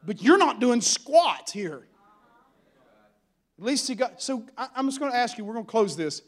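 A man's voice: extremely high pitch, sing-song, moderate pace. A man preaching a sermon as a pastor, in a folksy, humorous style with building fervor.

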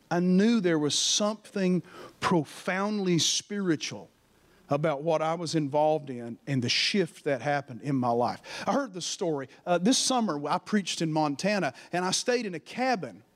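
High-voiced man preaching a fervent sermon. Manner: fervent, personal storytelling with calls to the congregation.

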